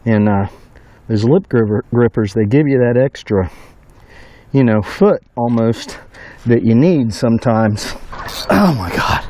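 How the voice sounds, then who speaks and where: A middle-aged man filming his own fishing trip, telling folksy stories and whooping with excitement over his catch outdoors on a bridge at night. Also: mid-range voice, a little slow, slight background noise. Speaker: fishing vlogger. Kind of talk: casual fishing commentary.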